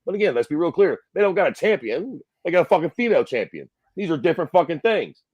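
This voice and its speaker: Male podcast co-host, slightly high voice, crude and blunt, heavy swearing, dry close sound. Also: sing-song, quick pace, darkish tone, husky, no echo, muffled recording. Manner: blunt, profane and crudely joking. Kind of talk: casual podcast chat.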